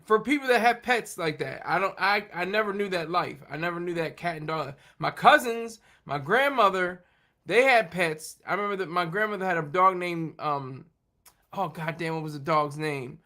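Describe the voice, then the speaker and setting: Chatty high-voiced man, rambling. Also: sharp tone. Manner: rambling, halting, with many restarts and laughs. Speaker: livestream host talking with viewers. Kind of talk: casual chat.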